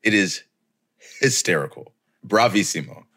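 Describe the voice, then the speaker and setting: A man's voice: low voice, big pitch swings, unhurried, pushed and bright, slightly rough. A man co-hosting a podcast, chiming in with short reactions in casual chat. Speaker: podcast co-host.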